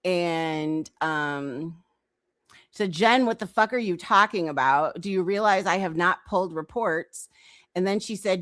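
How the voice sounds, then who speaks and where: A woman's voice: on the low side, a little slow, a bit bright, no room sound, clean studio sound. A woman hosting a commentary stream, reading chat screenshots aloud in an amused, casual way. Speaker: commentary channel host.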